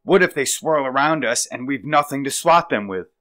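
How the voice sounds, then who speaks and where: A man's voice: mid-range voice, lively intonation, normal speed, a bit bright, pitched above the performer's own voice, lightly acted. A man voicing a worried female wombat in a children's story, wailing anxious questions.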